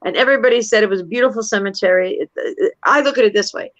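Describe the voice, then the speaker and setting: A woman's voice: mid-range voice, racing, dull audio. Woman, 50s, brash, foul-mouthed storyteller; casual chat co-host. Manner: brash, swears freely, animated storytelling. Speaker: paranormal investigator and co-host.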